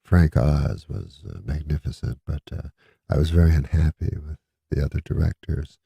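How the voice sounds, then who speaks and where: A man doing a hushed, serene male movie star. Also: rumbling low, gravelly, slightly rough, no echo, voice pushed down, heavily acted. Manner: slow, flat and peaceful. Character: calm, soft-spoken male movie star, zen-like.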